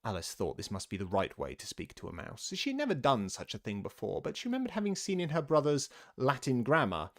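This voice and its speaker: A man reading a children's classic aloud in an expressive storybook narration. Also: medium pitch, brisk, hardly any pauses. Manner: animated, lively reading voice.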